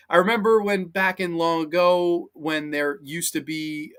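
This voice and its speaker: A man hosting a casual film-review stream, his voice bright and forceful. He talks excitedly, swears freely and drops in live chat comments. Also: a little high. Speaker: podcast host.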